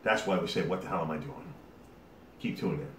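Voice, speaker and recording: This man speaks in a low pitch, a little fast, as he hosts his own video channel and chats to the camera, rambling and full of fillers while a hot pepper has him sweating. The distant, off-mic recording carries a roomy echo and faint hiss.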